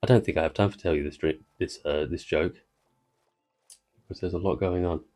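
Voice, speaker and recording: A gaming video creator rambles through casual let's-play commentary, trying to tell a joke and cutting himself off. His voice is deep and darkish, steady in tone, at a moderate pace.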